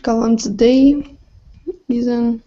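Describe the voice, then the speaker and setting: A woman's voice: fairly high pitch, steady tone, slow, warm tone, highs cut off. A woman whose native language is Russian, answering unsurely in English as a student and correcting herself.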